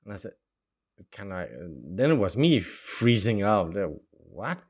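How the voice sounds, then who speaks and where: Slow, low-voiced man telling his story. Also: expressive, darkish tone. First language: Norwegian. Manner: chatty, with frequent fillers and laughs, acts out quoted dialogue. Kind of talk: casual storytelling.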